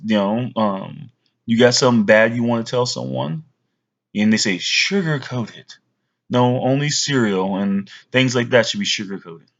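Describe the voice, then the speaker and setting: A man in his forties talks straight to his young sons, blunt and rambling, with plenty of ums along the way. His voice sits at an ordinary pitch, and the recording sounds a little dull and lo-fi. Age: 40s. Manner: blunt, rambling, with many fillers. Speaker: father giving advice. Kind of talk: casual to-camera talk.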